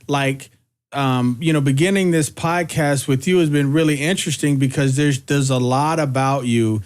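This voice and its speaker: A man's voice: medium pitch, moderate pace. A man hosting a podcast, easygoing and agreeable, often hesitating mid-thought. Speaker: podcast host. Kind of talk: casual chat.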